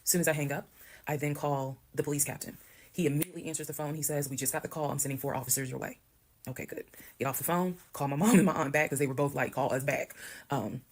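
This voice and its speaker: A woman from Georgia with a gravelly, fried edge to her voice tells her story at a brisk, rapid clip. She acts out the other people's voices as she goes and keeps the telling casual and animated. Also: very deep voice. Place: played clip heard on a stream.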